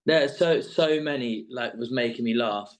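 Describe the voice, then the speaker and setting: A man's voice: mid-range voice, a little slow. Rambling young man, casual chat. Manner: rambling, full of "like" and "sort of". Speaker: reality show contestant guest.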